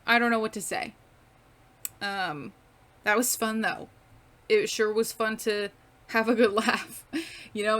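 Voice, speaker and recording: A woman's voice: mid-range voice, fairly bright tone. A woman talking through her craft video in a casual, rambling voice-over, full of fillers and casual swearing. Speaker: craft video creator and streamer.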